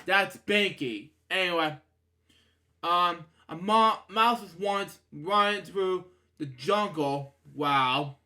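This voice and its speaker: A man reads a children's storybook aloud in a bright, somewhat high voice. He stumbles and restarts often and wanders off into rambling side comments. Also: slow pace.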